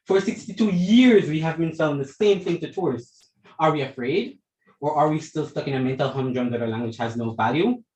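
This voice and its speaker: A man's voice: medium pitch, roomy sound, poor audio. A teenage boy with a Jamaican accent giving an emphatic, rhetorical school debate speech, addressing judges and opponents. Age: teens. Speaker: debate speaker.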